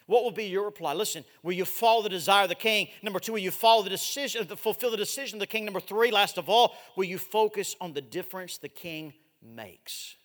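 A man in his forties preaching a missionary sermon, swinging from loud exhortation to hushed, drawn-out words. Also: high voice. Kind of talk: evangelistic sermon with live demonstration. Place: large church sanctuary. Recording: echoey church hall.

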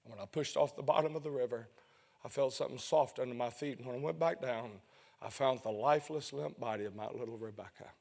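A man preaching a sermon, telling a story that climbs to loud emotional peaks and then falls low and hushed. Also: fairly quick, vocal fry.

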